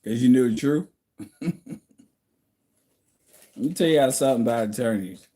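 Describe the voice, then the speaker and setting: A man's voice: medium pitch, quick pace, warm tone. A man hosting a casual livestream from home, reading viewer comments and answering them bluntly, like a lecture.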